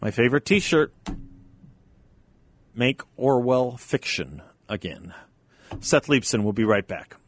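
A man's voice: medium pitch, expressive, slow pace, long pauses, dry recording. A man hosting a talk radio show, talking in a conversational, wry and emphatic way into a studio microphone. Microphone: studio microphone, dry.

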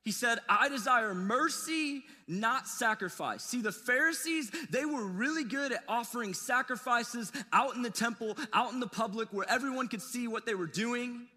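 Animated preacher in a reverberant hall. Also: male voice, very high voice, moderate pace, hardly any pauses. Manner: casual, animated storytelling with slangy asides. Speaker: pastor. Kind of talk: sermon.

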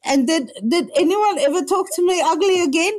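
A woman's voice: very high-pitched, a little fast, darkish tone. A woman hosting a podcast in casual chat, blunt and lippy, swearing freely over a video call. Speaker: podcast host.

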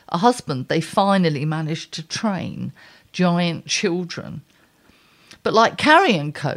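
Wry, blunt woman with a lively voice. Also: on the low side. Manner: wry, blunt, exasperated asides. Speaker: columnist and podcast host. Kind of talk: reading her column aloud with chat.

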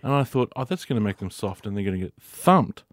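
An Australian man co-hosting a podcast, chatting casually with quick teasing quips. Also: on the low side, sing-song, no room sound, clean studio sound. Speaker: podcast co-host. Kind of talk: casual chat.

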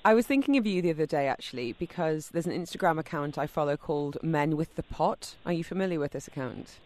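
A woman's voice: low-pitched, lively intonation, fast, darkish tone. A woman hosting a radio chat show, talking with gushing enthusiasm about food and camping.

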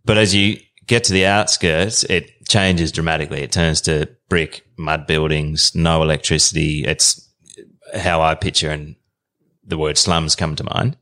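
His pitch is extremely low and his tone steady, and the sound is pushed and bright while he keeps a measured pace. The speaker, an Australian in his thirties, is a podcast guest casually unspooling a rambling travel anecdote.

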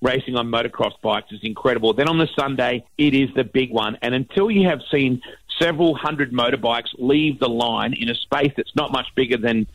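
A man's voice: medium pitch, fairly quick, dry recording, rough recording. A man with an Australian accent, reporting motorsport news on a radio show with enthusiastic, promotional chat.

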